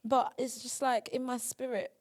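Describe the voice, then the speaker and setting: A woman co-hosting a podcast in casual chat, animated and expressive, leaning heavily on "like". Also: a little high, moderate pace. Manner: animated, expressive, heavy use of "like". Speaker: podcast co-host.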